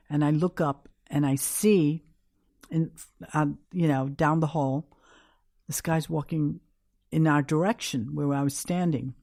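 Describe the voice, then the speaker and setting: Low-voiced older New York woman. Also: dark tone, dry recording, clean studio sound. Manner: candid, anecdotal, acts out quotes. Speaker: guest. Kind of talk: storytelling in an interview.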